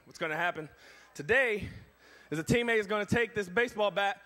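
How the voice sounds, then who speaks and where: Guy with a high voice doing a live strongman show at a church, pumping up the crowd. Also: fairly quick. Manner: energetic, rallies the crowd and kids. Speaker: strength ministry performer. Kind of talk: live stage demonstration. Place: church event hall.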